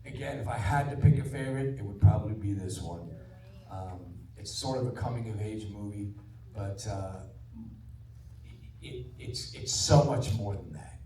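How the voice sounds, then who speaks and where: An older man speaks to a cinema audience, lively and full of stories, hushing his voice whenever he quotes someone. His voice sits low, and he sounds a little away from the mic in a reverberant auditorium with a faint hum of room noise underneath. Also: moderate pace, far from the mic. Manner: animated anecdotal storyteller, drops to a hush for quotes. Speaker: actor introducing a film screening. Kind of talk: live storytelling to a cinema audience. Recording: roomy theater sound from off-mic.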